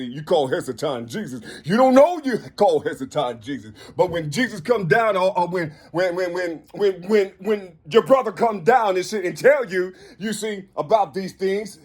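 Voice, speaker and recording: A husky man in his fifties with a fairly high voice, rambling through a spiritual monologue. He talks in loops, full of profanity and repeated asides, and climbs into sudden shouts before dropping low again. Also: animated, moderate pace, hardly any pauses. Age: 50s.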